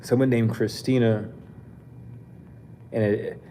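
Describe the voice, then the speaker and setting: A man's voice: mid-range voice, a little hiss or hum. A man giving a casual spiritual reading to camera, blunt and scolding, in profane street slang. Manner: animated and scolding, with quick laughs. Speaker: spiritual reader.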